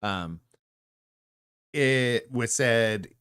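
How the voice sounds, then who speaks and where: A man's voice: lowish voice, animated, moderate pace, fairly bright tone, no echo, clean studio sound. A middle-aged man co-hosting a casual podcast, chatting in a rambling, joking way and often trailing off mid-thought. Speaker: podcast co-host. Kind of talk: casual chat.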